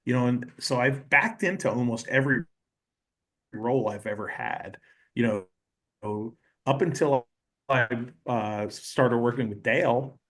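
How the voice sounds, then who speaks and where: A man guest on a podcast, telling animated stories in casual chat and acting out the people he quotes. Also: mid-range voice, normal speed. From North Carolina. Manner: animated storyteller, acts out quoted voices, many "you know"s.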